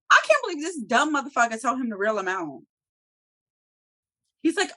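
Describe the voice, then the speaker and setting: A woman's voice: high-pitched, sing-song, moderate pace, sharp tone. Slangy woman recapping a TV episode. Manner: slangy, profane storytelling with acted-out quotes. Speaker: TV show reviewer.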